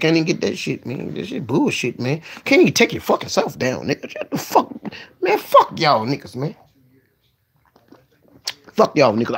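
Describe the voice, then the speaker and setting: A man with a gravelly voice hosts a casual livestream, talking to viewers in a profane, excitable manner. He swings from low mumbling to sudden yelling.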